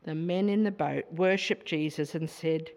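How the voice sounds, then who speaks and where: A woman preaching a sermon in a measured way, often asking rhetorical questions. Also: low-pitched, darkish tone, in a large hall.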